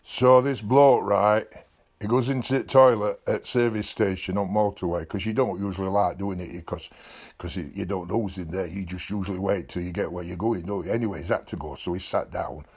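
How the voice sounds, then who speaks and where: A man's voice: deep voice, fairly even intonation, a little fast, a little mellow, husky. A man with a Yorkshire accent voicing a trained animal who tells blokey tall tales and drops his voice for asides. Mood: storytelling. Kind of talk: dubbed comic voice-over.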